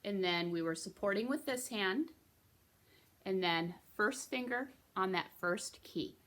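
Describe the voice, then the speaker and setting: A woman's voice: mid-range voice, lively intonation, measured pace, fairly bright tone. A woman teaching a beginner recorder lesson, patient and encouraging, checking in with frequent okays. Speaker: music teacher.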